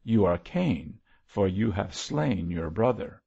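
A man's voice: low-pitched, lively intonation, slow, vocal fry, warm tone, slightly rough, full character voice. A man voicing a fervent lay preacher who pleads and lectures in a grave, preachy manner. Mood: earnest. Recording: muffled lo-fi recording.

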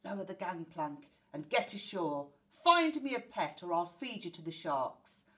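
A bossy pirate captain bellows his orders, as a woman reading a storybook puts him on. His voice swings widely and stays loud and impatient. It sounds a little distant from the mic. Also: fairly low pitch, big pitch swings, unhurried. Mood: bossy roaring.

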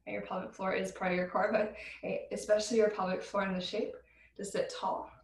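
A woman teaching a vinyasa yoga class over a video call from home, giving calm, encouraging cues with soft laughs. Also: mid-range voice, brisk. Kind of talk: guided vinyasa class instruction. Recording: roomy video call audio, faint ambience.

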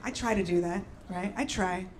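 A middle-aged woman from the former Soviet Union doing a stand-up set, brash and shouting her punchlines with mock-gentle asides. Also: medium pitch, normal speed. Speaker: stand-up comedian. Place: comedy venue with live audience. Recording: loud crowd and room noise. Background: audience laughter.

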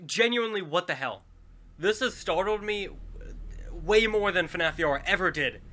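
A man with a stuffy nose commentating a horror game as he plays, jumpy and quick to yell back at the enemies. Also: high voice, animated. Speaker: gaming YouTuber. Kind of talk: horror let's-play commentary.

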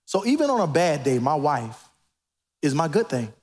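A man preaching a sermon as pastor in a church, animated and preacherly, rising to near-shouts. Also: fairly high pitch, normal speed. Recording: reverberant church sanctuary.

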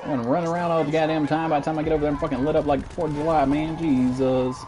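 Profane excitable young American man streaming. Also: on the high side, very fast, music in the background. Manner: profane, excitable, reads chat aloud. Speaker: game streamer. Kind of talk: live gameplay commentary.

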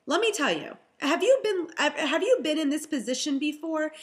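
Young pregnant woman, high voice, chatty, animated, exasperated storyteller, casual vlog. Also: normal speed. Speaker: vlogger, health and fitness coach.

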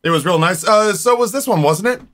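A man's voice: high-pitched, expressive, fairly quick, fairly bright tone. A man in his forties chatting casually on a live stream, rambling and talking straight to his viewers. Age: 40s.

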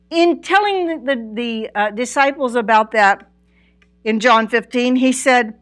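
A woman teaching a Bible study lesson, earnest and emphatic, asking listeners direct questions and swinging between loud and soft phrases. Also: fairly high pitch.

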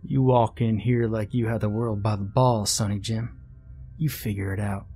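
A man's voice: fairly low pitch, steady tone, normal speed, mellow, breathy edge, soft background music. A man voicing a surly diner cook who talks in a sneering, dismissive way, with a slightly altered timbre. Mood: scornful.

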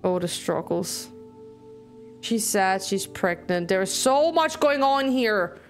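A woman commentates on a story game, emotional and chatty as she thinks aloud. Her voice is mid-pitched. Soft music plays faintly underneath. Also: expressive, slow. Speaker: game streamer. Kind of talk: let's play commentary.

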